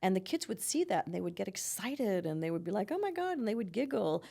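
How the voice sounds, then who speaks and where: A woman's voice: medium pitch, expressive, fast talker, creaky, mellow, breathy edge. A middle-aged woman, a psychotherapist giving earnest advice in a conversational podcast interview, peppering her talk with "you know" and "right?". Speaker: psychotherapist guest.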